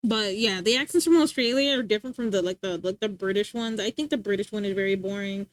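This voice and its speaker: A woman's voice: medium pitch, fast talker, dry recording. A young woman livestreaming from home, chatting casually with her viewers, teasing them playfully and laughing often. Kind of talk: casual chat reading stream chat. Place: home streaming setup.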